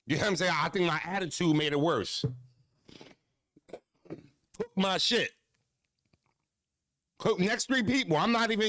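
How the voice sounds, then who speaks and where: A somewhat high-pitched male stream host talks to his chat in a loose, storytelling way, cursing freely and jumping between excited highs and low, mocking lows. The sound is dry and close, with almost no room around his voice. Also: measured pace, long pauses, no echo. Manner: animated, profane, big swings between high excited and low mocking tones. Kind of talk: casual storytelling to a live chat.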